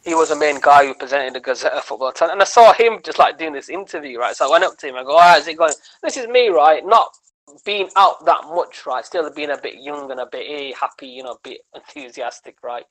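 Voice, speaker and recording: A man chats on a podcast as a guest comedian, telling animated stories. He rambles and restarts his sentences, often tagging them with "right?" and "man". His voice sits a little on the high side. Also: fast, rough recording. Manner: chatty, tags lines with "man" and "right?". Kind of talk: casual podcast chat.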